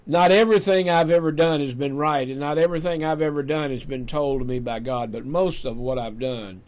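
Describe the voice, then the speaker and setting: An older man, hosting a talk show and telling a folksy personal story, growing animated when he quotes himself. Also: on the high side, a little fast. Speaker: radio talk show host. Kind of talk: storytelling monologue.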